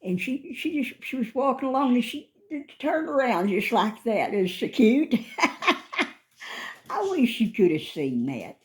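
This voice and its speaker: An older woman chatting casually into her phone, rambling and calling to cats in a high sing-song. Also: very animated, a little slow. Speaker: vlogger. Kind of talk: casual chat. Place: outdoors by a front door, then back indoors. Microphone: phone held in hand.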